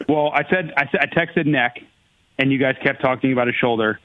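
A man's voice: medium pitch, fairly quick. A man calling in as a co-host who sheepishly explains himself in casual chat, heard over a thin phone-like line.

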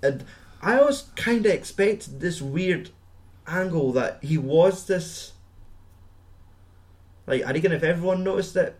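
A man's voice: fairly high pitch, animated, unhurried, pauses often, darkish tone. A young man co-hosting a podcast, chatting casually about a film in a rambling, sweary way. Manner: rambling, sweary, laughs often. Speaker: podcast co-host.

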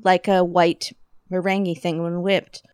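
A woman's voice: lowish voice, little pitch movement, a little slow, darkish tone, clean tone, no echo. Woman, podcast co-host, casual jokey chat, dry close sound. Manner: chatty, jokey, laughs often. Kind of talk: casual chat recapping a TV episode.

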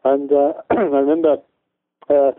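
A man's voice: on the high side, level tone, a little slow, no room sound. A man from the UK, a guest educator in a casual interview, talking in a rambling way with many restarts. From United Kingdom. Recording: tinny phone-line audio, dry.

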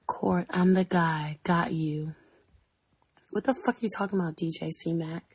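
A woman's voice: fairly low pitch, steady tone, a little mellow, husky, poor audio. A woman delivering a profane, mocking roast in a social media video. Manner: crude, mocking, rapid-fire insults.

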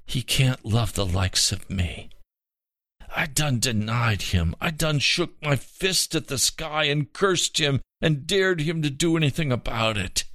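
A man's voice: mid-range voice, animated, measured pace, fairly bright tone, dry recording, clean studio sound, pitched above the performer's own voice. A man voicing a tormented dying old man with a thin, reedy, sobbing voice. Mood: anguished.

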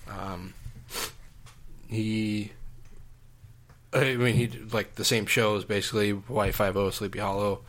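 A man's voice: fairly low pitch, fairly even intonation, slow pace, pauses often, a bit bright. A man co-hosting a casual movie podcast, talking in a laid-back way with lots of fillers. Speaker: podcast co-host.

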